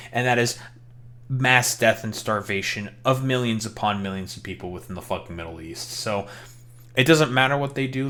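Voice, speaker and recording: Lower-voiced young man, swearing, heated rambling, reacting to a press conference. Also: a bit bright. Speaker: political commentary streamer.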